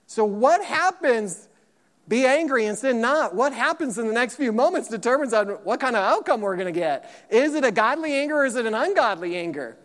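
A man preaching a sermon as pastor, emphatic and lively, repeating points and acting out quotes. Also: very high voice, brisk. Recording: long hall reverb.

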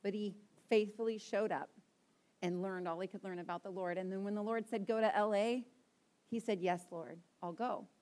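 A woman's voice: medium pitch, steady tone, moderate pace, darkish tone. A young woman preaching to a church congregation, chatty and open in a self-deprecating storytelling way. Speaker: guest preacher. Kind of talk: casual sermon to a congregation. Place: church sanctuary.

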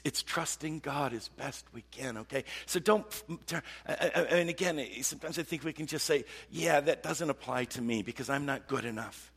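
A man preaching a sermon, earnest and repetitive, with frequent restarts, often dropping to a softer voice. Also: mid-range voice, breathy edge. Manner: earnest, repetitive, stumbling restarts, drops to soft voice. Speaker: pastor. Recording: long hall reverb.

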